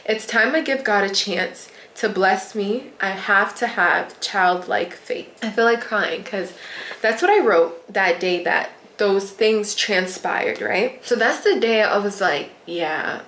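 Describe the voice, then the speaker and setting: A young woman tells a storytime vlog in a chatty, emotional way and keeps speaking straight to her viewers. Her pitch sits in the middle range, and her animated delivery rises and falls with feeling. The recording carries a clear room echo. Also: slow. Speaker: influencer. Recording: echoey room.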